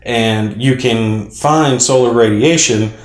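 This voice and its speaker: A man casually explaining his moves in a tabletop space game, rambling with fillers and clearing his throat now and then. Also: medium pitch, slow, echoey room. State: clearing throat, a little choked up. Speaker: board game player and channel host.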